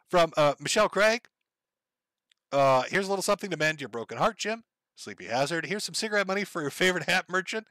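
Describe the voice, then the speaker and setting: A man's voice: high-pitched, fast talker, no echo. A man from Minnesota hosting a livestream, reading viewer donations aloud with sardonic, profane asides. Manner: sardonic, profane, reads messages aloud in a flat wry tone. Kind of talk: casual livestream chat.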